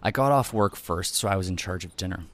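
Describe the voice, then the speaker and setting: A man narrating a first-person memoir as an audiobook reader, in a measured, even storytelling manner. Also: sits low.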